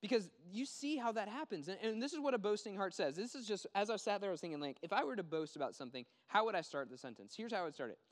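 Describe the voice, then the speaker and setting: A man's voice: high voice, expressive, fast talker, few pauses, in a large hall. A man preaching a conversational sermon, acting out quoted voices as he goes. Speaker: pastor.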